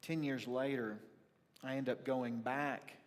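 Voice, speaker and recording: A man preaching a sermon as the church's pastor, telling a personal story with reflective pauses. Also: mid-range voice, fairly even intonation. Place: church sanctuary. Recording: church livestream with long hall reverb.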